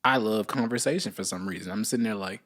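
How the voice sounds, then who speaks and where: Guy on a podcast telling a story, kinda low voice, keeps jumping way up high when he quotes people. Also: fast talker. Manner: animated storyteller, acts out quotes in a higher voice. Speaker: podcast co-host. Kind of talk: casual chat, storytelling.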